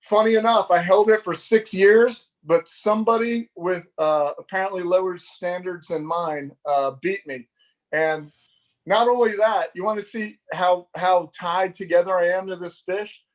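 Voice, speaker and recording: A middle-aged man, a fishing magazine editor, telling stories on a live show in a lively, laughing way and acting out the dialogue. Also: high-pitched, a little slow. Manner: animated, laughing, acts out dialogue. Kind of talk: casual storytelling on a live show.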